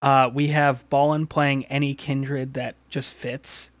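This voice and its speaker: A man's voice: medium pitch, flat delivery, slow, dry recording, studio quality. A man hosting a casual podcast, rambling with frequent laughs and casual swearing. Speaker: podcast host and game master.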